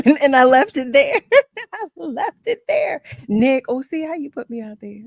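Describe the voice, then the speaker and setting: A woman's voice: sits high, big pitch swings, measured pace, no room sound. A woman hosting a radio talk show, telling candid stories and laughing often in casual chat. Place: broadcast studio.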